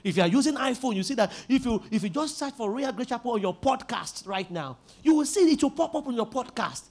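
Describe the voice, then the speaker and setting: Husky high-voiced man preaching emphatically. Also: animated, quick pace. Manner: emphatic preaching with repeated words and rising shouts. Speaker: pastor. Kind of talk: sermon.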